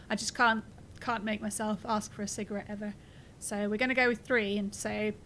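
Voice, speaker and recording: A woman's voice: mid-range voice, level tone, a little fast, hardly any pauses, a bit bright, slight background noise, rough recording. A woman streaming a game, reading its text aloud and chatting casually, swearing and laughing as she plays. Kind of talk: casual gameplay commentary.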